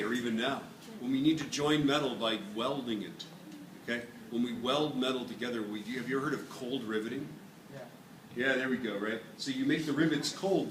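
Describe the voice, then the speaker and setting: A man teaching physics to a class, running a hands-on demonstration in a lively, joking way. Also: mid-range voice. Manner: playful, jokey, energetic demonstrator. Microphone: camera at a distance. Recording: echoey classroom from far off, noisy.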